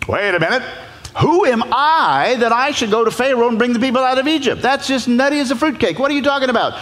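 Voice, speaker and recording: Preacher guy putting on a squeaky frantic prophet, begging to get out of it, big church echo. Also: lively intonation, fast, fairly bright tone. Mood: panicked protest. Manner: high-pitched, pleading, exasperated. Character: frantic, protesting reluctant male prophet. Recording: long church reverb.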